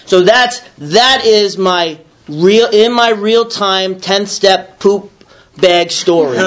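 High-pitched man; lively first-person storyteller who acts out his own rants. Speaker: recovery speaker.

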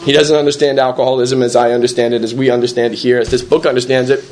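A man's voice: medium pitch, flat delivery, quick pace, darkish tone. A middle-aged man giving a candid personal testimony at a recovery meeting, rambling with many fillers and acting out what others said. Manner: rambling, full of "you know" fillers, acts out others in quotes. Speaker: speaker sharing his story at a recovery meeting.

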